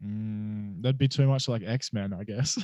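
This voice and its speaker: Brief: young Aussie male podcast host, casual and sweary, mid pitch, dry and slightly dull recording. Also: a little slow, dark tone, no echo. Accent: Australian. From Australia. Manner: chatty, swearing, laughs often. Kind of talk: casual chat.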